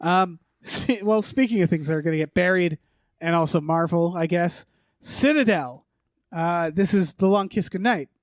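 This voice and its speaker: A man's voice: sits high, moderate pace, no room sound, studio quality. A man co-hosting a podcast, musing hesitantly about movies with frequent stammers. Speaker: podcast co-host. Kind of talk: casual movie chat.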